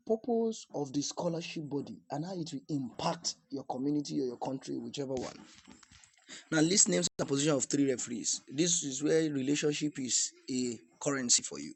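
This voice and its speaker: Husky-voiced man coaching emphatically. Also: a little high, darkish tone, no room sound, low-quality recording. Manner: emphatic, repeats key points, restarts phrases. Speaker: scholarship application coach. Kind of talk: instructional talk to camera.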